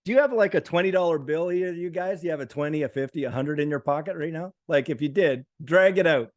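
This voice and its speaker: A male guest chats casually, pressing his points with eager emphasis. His voice sits a little higher than most men's. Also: quick pace. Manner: enthusiastic, emphatic. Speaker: guest commentator. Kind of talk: casual chat.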